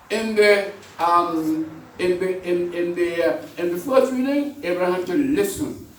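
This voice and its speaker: Priest preaching in an echoey church. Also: male voice, high voice, distant mic. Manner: conversational preaching with repetitions and rhetorical questions. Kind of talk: sermon.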